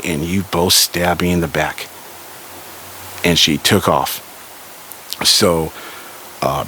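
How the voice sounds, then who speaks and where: A man from Southern California telling a family story in a casual spoken way, lively and raising his voice for the people he quotes. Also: slight background noise. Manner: animated, raises pitch for quoted characters.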